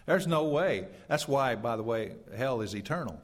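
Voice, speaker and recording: Male preacher, mid-pitched, dynamic sermon delivery swinging between loud and hushed, speaking in a big reverberant church. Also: lively intonation, normal speed, few pauses. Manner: addresses congregation directly, rhetorical questions. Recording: long reverb of a church hall.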